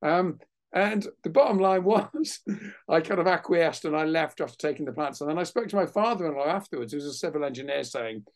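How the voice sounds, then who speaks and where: A man speaking over a video call, his voice sitting a little high for a man. He tells his story in a lively, animated way and throws himself into the voices of the people in it. The tone is casual, like a guest chatting in an online interview. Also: a little fast. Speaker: guest naturalist. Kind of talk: anecdotal storytelling in a webinar interview.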